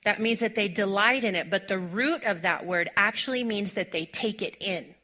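A woman pastor preaching a sermon in a church, telling a personal story in an animated way. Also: mid-range voice. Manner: animated storytelling, laughing often, fast-talking asides. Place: church sanctuary.

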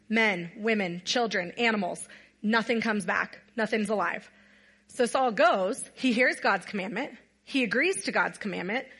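A woman's voice: a little high, fairly bright tone. A woman giving a casual, earnest sermon to a gathered audience, telling a Bible story conversationally. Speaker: women's night speaker.

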